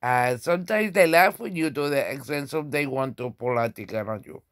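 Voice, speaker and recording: A man's voice: medium pitch, moderate pace, dry recording, clean studio sound. A tipsy man rambling and swearing through a casual comedy vlog. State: tipsy from drinking.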